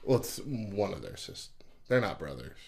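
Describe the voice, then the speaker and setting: A man's voice: low voice, sing-song, normal speed, vocal fry, darkish tone, breathy edge. Laid-back man hosting morning radio. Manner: easygoing, laughs often. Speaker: radio morning show host. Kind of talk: casual banter and news reading.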